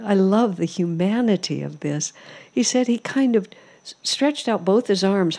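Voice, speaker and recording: A woman giving a spiritual talk in an ashram, telling stories in an amused, reflective way. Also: medium pitch. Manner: warm storytelling, amused, reflective. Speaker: spiritual teacher. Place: ashram hall.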